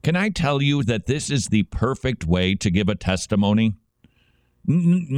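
A man from Minnesota hosting a Christian talk radio show, animated and jokey, his voice jumping high when he teases. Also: normal speed, dry recording. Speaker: radio host.

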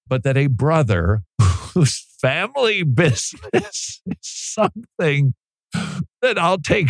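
A man's voice: mid-range voice, dry recording. A man hosting a radio program, talking in a casual, joking way and laughing often. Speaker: radio host.

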